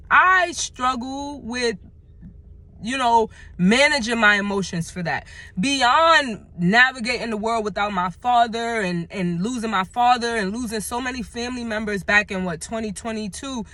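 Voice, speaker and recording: A woman talking candidly in a personal vlog, halting and reflective, emotional as she searches for words. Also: medium pitch, pushed and bright, dry recording. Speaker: vlogger.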